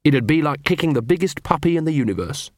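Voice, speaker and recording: A man narrating an audiobook in an expressive, lively reading voice. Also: on the high side, fast, dry recording, clean studio sound. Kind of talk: scripted narration.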